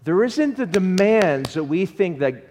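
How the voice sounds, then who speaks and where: A man preaching a sermon in an animated way and asking the congregation questions. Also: sits high, a little slow, long reverb tail, slight background noise. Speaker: pastor.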